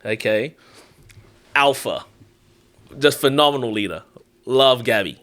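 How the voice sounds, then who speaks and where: A man who is a guest preacher, chatting casually on a podcast, telling animated stories, laughing often and acting out other people's lines. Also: mid-range voice, unhurried. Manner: acts out others' lines in quotes.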